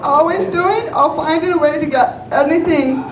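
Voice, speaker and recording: A woman's voice: high-pitched, normal speed. A middle-aged woman giving an earnest, proud speech at a function. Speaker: candidate's mother giving a speech. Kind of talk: prepared speech. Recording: echoey hall from far off, crowd.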